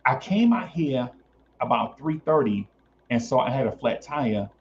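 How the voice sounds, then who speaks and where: On a podcast with dull-sounding audio, a man spins a long, casual tale in an unhurried, medium-pitched voice. He brings it to life with swearing and by performing the other characters' voices.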